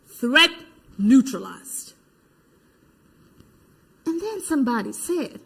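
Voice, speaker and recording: Brief: an actress as a female protester witness, high voice, vivid stage retelling that acts out quoted voices. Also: sharp tone, heavily acted. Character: adult female protester giving eyewitness testimony. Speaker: stage actor. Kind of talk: verbatim theater monologue.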